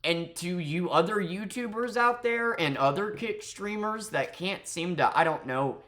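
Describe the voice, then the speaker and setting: A man's voice: high voice, a little slow, fairly bright tone. A young man ranting on his vlog, profane and sarcastic, swearing heatedly at another streamer. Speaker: streamer and vlogger.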